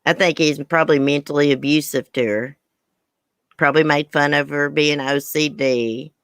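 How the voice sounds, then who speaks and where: Older woman, Southern country accent, bright and forceful, dry room, casual livestream chat. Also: low-pitched, fairly even intonation, normal speed, no room sound. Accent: American Southern. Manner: chatty, reads viewer comments aloud. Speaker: livestream host.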